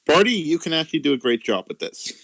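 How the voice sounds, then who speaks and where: A man playing a tabletop game, animated and bossy in his banter with the other players. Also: on the high side, fast talker, vocal fry, no echo. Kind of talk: tabletop role-play.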